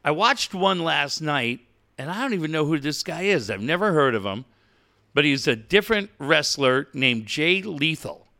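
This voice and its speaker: Lively, bright-voiced middle-aged male host. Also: fairly high pitch, moderate pace. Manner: animated storyteller, swears casually. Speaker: radio show co-host. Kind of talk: casual chat.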